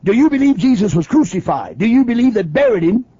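A man's voice: sits high, very animated, fast, dark tone, husky, no room sound. A man preaching a radio sermon, emphatic and questioning the listener directly, on a dull lo-fi old broadcast.

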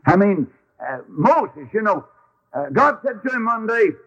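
Brief: emphatic folksy preacher, husky voice swinging up and down, dull radio sound. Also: male voice, high voice, big pitch swings, a little slow, a bit bright. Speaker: Baptist preacher. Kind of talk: sermon.

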